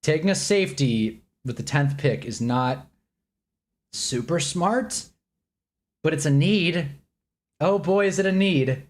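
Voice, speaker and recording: On a live stream, an annoyed man reacts to a football draft, his voice on the high side and slow with long pauses. He rambles and jokes through his irritation, talking while he eats, in a casual ranting reaction.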